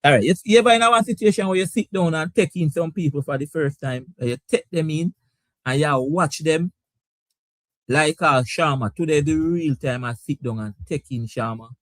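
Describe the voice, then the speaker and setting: A man's voice: fairly high pitch, moderate pace, a bit bright, no room sound. A man hosting a casual live sports talk stream. He laughs often and reads out viewer comments. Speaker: sports talk show host.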